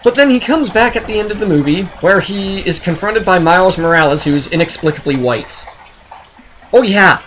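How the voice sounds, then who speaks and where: A man reviewing a movie in a sarcastic, exasperated rant, often jumping into high, incredulous outbursts. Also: lively intonation, moderate pace, fairly bright tone, a little hiss or hum, poor audio.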